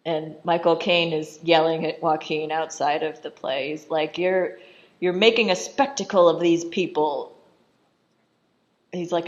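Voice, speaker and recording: A woman with a low, fairly even voice offers casual, chatty film commentary on dull-sounding audio. She's giggly and talkative, laughing often and briefly acting out characters' lines in quick voices.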